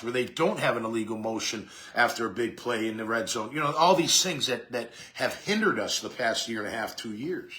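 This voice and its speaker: Man, sports talk host, casual monologue, bright tone, animated and rambling. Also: mid-range voice. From Jacksonville area. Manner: animated, rambling with many fillers and restarts.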